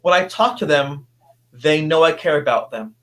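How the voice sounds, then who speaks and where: A man in his fifties, a guest telling a personal story in an earnest, halting way with many restarts. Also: on the high side, expressive.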